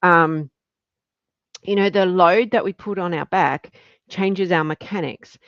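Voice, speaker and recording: Middle-aged woman, encouraging live-stream hiking coach, lowish voice, dry dull sound. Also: takes it slowly, no echo. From Australia. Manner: chatty, encouraging, greets viewers by name. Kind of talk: live stream talk to viewers.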